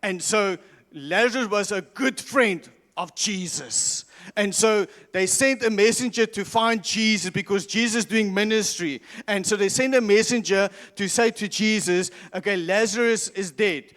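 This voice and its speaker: A South African pastor preaches from the stage of a large church, emphatically repeating his key lines and often stumbling and starting over. His voice is high and a bit bright, at a measured pace, with long reverb from the church hall.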